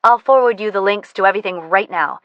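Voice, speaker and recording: An earnest, excitable young woman, as a female narrator voices her talks through her worries in an audiobook. Her voice sits mid pitch, recorded dry. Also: fast talker, dry recording, dull audio, close to an everyday voice.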